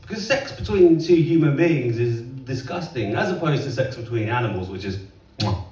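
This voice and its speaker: A man performing a chatty, self-mocking stand-up set and acting out voices in loud bursts. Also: mid-range voice, big pitch swings, moderate pace, a little hiss or hum. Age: 30s. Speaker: stand-up comedian. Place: comedy club stage, heard from across the room. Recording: roomy live club recording from a distance. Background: faint audience laughter.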